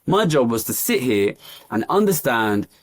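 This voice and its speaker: A man's voice: medium pitch, sing-song, unhurried. Man, east london accent, economist guest, candid interview talk, emphatic and repetitive. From East London, England.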